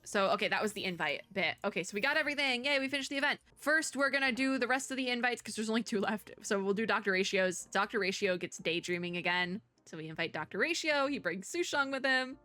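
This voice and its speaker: A young adult woman doing let's play commentary, laughing often and reading the game text aloud between quick asides. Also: medium pitch, lively intonation, sharp tone, dry recording. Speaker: gaming content creator.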